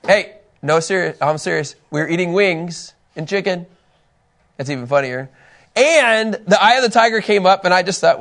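Upbeat man with a higher voice teaching a Bible class and telling personal stories to the group. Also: brisk. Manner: animated, chatty, often laughing at himself.

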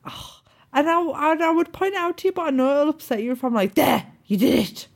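A woman's voice: high voice, lively intonation, quick pace. A young woman co-hosting a podcast in casual, blunt, teasing and sweary chat. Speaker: podcast co-host.

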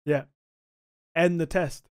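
Higher-voiced young man. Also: fairly even intonation, takes it slowly, a little mellow, no room sound, studio quality. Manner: laughing, storytelling. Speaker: podcast co-host. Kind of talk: casual banter.

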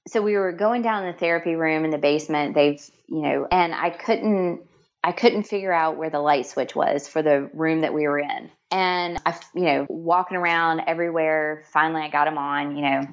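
A middle-aged woman with a low-pitched voice shares heartfelt stories in conversation at a moderate pace, earnest and emotional, restarting often and using lots of fillers. She is a guest, and the audio sounds dull.

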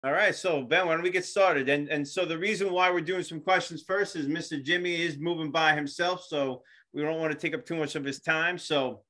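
A man with a Long Island accent hosts a loose podcast chat with friends. His voice is bright and sits a little high, and he laughs often and repeats phrases for comic effect. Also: fairly even intonation, brisk, hardly any pauses. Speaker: podcast host.

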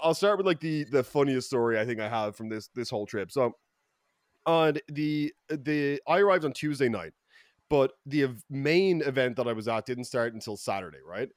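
A young Irish man telling stories in casual podcast chat, rambling and swearing, with lots of fillers and loud outbursts. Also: mid-range voice, measured pace, no room sound. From Ireland. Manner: profane, rambling, many fillers and restarts, loud bursts when excited. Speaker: podcast co-host.

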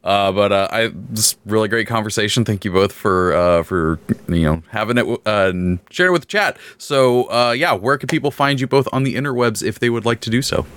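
A man's voice: lowish voice, fairly bright tone, smooth, no echo. Guy hosting a stream, chill and umm-y, dry close sound. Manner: easygoing, halting with fillers. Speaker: show host. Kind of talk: casual livestream chat.

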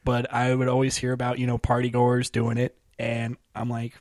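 A man's voice: mid-range voice, completely flat delivery, normal speed, a little mellow, dry recording. Podcast host guy, easygoing, laughs a lot, dry close sound. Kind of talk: casual interview chat.

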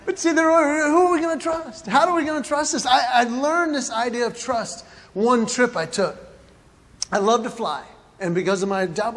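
Man, high-pitched, animated storyteller who yelps in mock panic; big hall with long reverb, faint room ambience. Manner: animated, acts out his own panic with yelps. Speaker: Christian comedic speaker. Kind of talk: storytelling stand-up talk.

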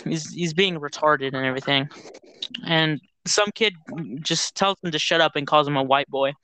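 A man's voice: fairly high pitch, moderate pace, sharp tone, slight background noise, poor audio. A young man chatting casually while gaming, laughing often and swearing as he tells stories and acts out other people's voices.

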